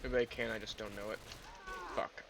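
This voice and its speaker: A man's voice: on the low side, little pitch movement, moderate pace, creaky, background noise. A man giving casual, jokey gameplay commentary with friends, swearing often. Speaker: gaming streamer.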